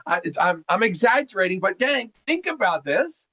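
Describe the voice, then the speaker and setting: A middle-aged man from New Jersey speaks in a fairly high voice, running a group call like an animated seminar. He is folksy and keeps calling his listeners gang. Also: moderate pace, hardly any pauses, low-quality recording. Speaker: mortgage presenter on a group call. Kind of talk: energetic seminar talk.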